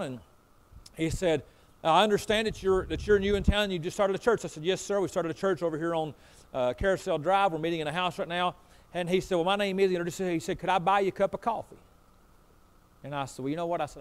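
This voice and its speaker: Folksy pastor, higher-pitched man. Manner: storytelling, acting out both sides of a conversation; folksy, repeats "I said" and "he said". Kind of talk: sermon.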